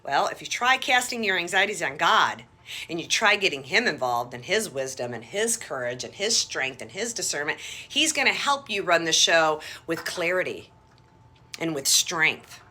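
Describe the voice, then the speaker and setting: A woman's voice: sits low, sing-song, moderate pace, sharp tone. A woman giving an earnest, encouraging devotional talk to her viewers. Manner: earnest, encouraging, addresses viewers as "you guys". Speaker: faith vlogger.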